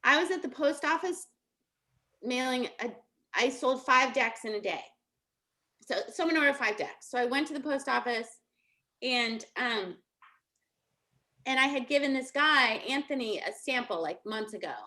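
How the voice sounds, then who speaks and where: A middle-aged female coach delivers a casual motivational talk, chatting and laughing through her stories. She speaks at a moderate pace with frequent pauses, her high voice lively in intonation and sharp in tone.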